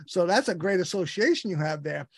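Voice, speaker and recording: Speaking a little fast and expressively, a high-voiced man from the United States hosts an interview podcast. He rambles eagerly through his guest's introduction, starting over often, and the studio sound is clean with no room echo.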